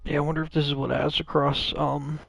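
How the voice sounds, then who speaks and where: Frustrated gravelly man streaming a game. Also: on the high side, level tone, a little fast, fairly bright tone, no room sound, faint music behind. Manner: frustrated, swearing, rambling. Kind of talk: live gameplay commentary.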